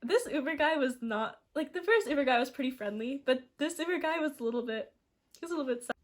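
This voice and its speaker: Teen girl vlogger rambling through a storytime, says like a lot, laughs a bunch, voice a bit on the high side. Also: lively intonation, quick pace. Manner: chatty and rambling, heavy use of "like", frequent restarts; laughs often while telling the story. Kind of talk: storytime vlog.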